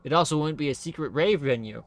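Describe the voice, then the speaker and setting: A man's voice: a little high, quick pace, no room sound. A male streamer reading a detective game's dialogue aloud with dry, wry asides.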